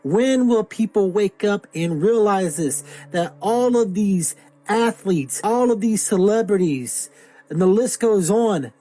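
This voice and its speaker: Slow, dark-toned narrator. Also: mid-range voice. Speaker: voice-over narrator. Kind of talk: scripted narration.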